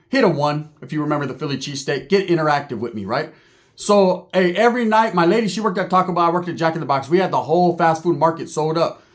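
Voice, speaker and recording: Recounting a funny episode from his own life, a man swears freely and checks in with listeners after nearly every line, repeatedly asking "right?". His voice is a little higher than most men's, and his speech is loose and streetwise.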